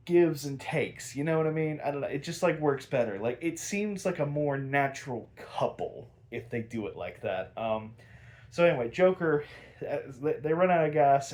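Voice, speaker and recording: A man's voice: mid-range voice, a little mellow. A man casually recapping a cartoon episode, rambling with lots of filler words and frequent laughs. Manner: rambling, lots of likes and ums, laughs often.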